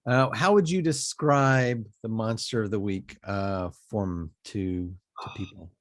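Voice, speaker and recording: Male host on a video call, dry close sound, joking and chatty, fills pauses with "uh". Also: lowish voice, no echo. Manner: joking, chatty, with frequent fillers. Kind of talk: casual online show interview. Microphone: video call mic.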